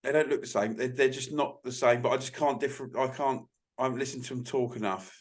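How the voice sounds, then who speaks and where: A man co-hosts a casual drinks podcast in loose, rambling banter. He swears freely and often stops to restart or correct his sentences, with an even, mid-pitched voice. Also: quick pace. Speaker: podcast co-host.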